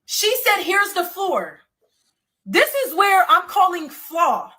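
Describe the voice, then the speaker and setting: A woman's voice: extremely high pitch, big pitch swings, slow pace, bright, forceful tone. A woman emphatically recounting a conflict, repeating her points and quoting the other person. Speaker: interviewee.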